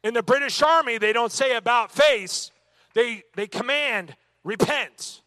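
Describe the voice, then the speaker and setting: A man's voice: very high voice, moderate pace, bright, forceful tone, dry recording. Male Bible teacher, emphatic delivery, dry close sound. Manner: emphatic, punctuated with "amen" and rhetorical questions. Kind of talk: church Bible lesson.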